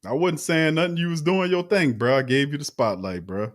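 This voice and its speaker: Laid-back teasing New host. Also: male voice, a little high, a little fast. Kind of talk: casual show banter.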